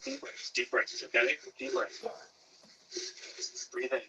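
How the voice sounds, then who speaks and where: A man working as a police investigator, coaching someone through breathing with calming, coaxing instructions. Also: on the high side, slow pace. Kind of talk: interrogation room footage. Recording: distant room mic with faint noise.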